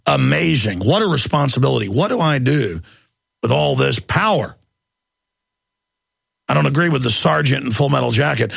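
Gravelly, ranting male radio host. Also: mid-range voice, expressive, moderate pace, pauses often, fairly bright tone, no room sound. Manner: intense, ranting, combative. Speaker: radio talk show host. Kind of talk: talk radio monologue.

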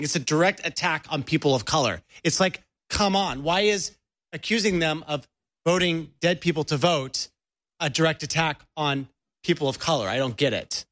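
A man's voice: a little high, normal speed, fairly bright tone. A man co-hosting a political talk radio show, sarcastic and incredulous. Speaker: radio co-host.

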